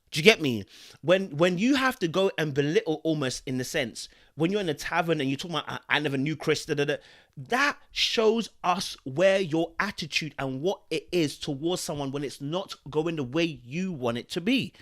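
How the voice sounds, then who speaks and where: A man running his podcast with a somewhat high voice for a man. He talks like he is preaching, emphatic and full of slang, and keeps stopping to ask if you follow him. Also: expressive, moderate pace, fairly bright tone. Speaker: podcast host. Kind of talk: opinionated podcast commentary.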